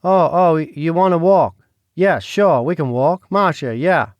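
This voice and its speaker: A man's voice: on the high side, a little slow, dry recording, highs cut off, voice pushed up, close to an everyday voice. Man doing an earnest, fumbling young man. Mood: flustered.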